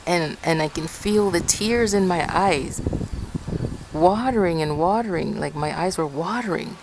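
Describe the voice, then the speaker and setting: Rambling woman vlogger, low voice. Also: unhurried, darkish tone, slight background noise, poor audio. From Ecuador. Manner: rambling, repeats herself, often addresses viewers as guys. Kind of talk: casual personal storytelling.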